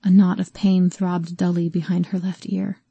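A woman narrating a novel in an even, measured storytelling manner. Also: on the low side, gravelly, slightly rough, dry recording. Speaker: audiobook narrator.

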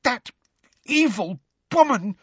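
A man's voice: high-pitched, huge pitch swings, takes it slowly, a bit bright, breathy edge, dry recording, lo-fi sound, voice pushed up, heavily acted. A man voicing a clever, earnest teenage witch girl who speaks with strong feeling. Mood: enraged. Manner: earnest, emotional.

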